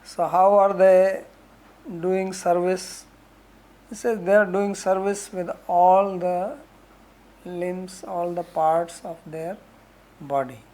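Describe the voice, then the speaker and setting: A woman who teaches scripture verses, explaining them slowly with homely examples and frequent "right?" asides. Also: fairly low pitch, fairly even intonation, mellow, rough recording. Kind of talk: lecture on Sanskrit verses.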